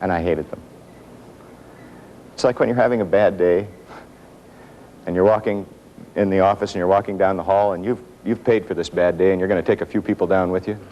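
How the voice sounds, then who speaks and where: A man giving a motivational workshop talk to an audience in a room, telling stories with self-mocking humor and dramatic pauses. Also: low-pitched, fairly even intonation, muffled recording, slight background noise. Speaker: motivational speaker.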